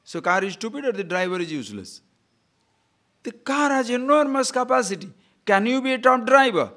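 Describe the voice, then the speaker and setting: A man's voice: very high-pitched, a little fast. A man from Odisha with an Odia Indian English accent, giving a spiritual discourse full of stories and rhetorical questions. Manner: animated, playful, rhetorical questions. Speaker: spiritual teacher.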